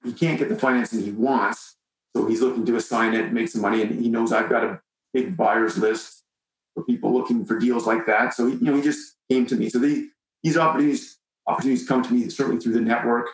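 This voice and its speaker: A man's voice: medium pitch, fairly even intonation, brisk. Easygoing Canadian man in an echoey room. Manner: easygoing, with frequent fillers. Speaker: guest, real estate investor. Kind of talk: casual interview talk.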